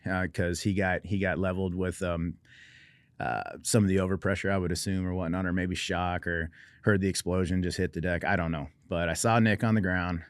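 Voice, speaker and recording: The middle-aged veteran from Oregon, USA speaks low yet fairly bright, his tone clean, on a dry recording. As a guest he tells his story conversationally, wry and quick to downplay himself.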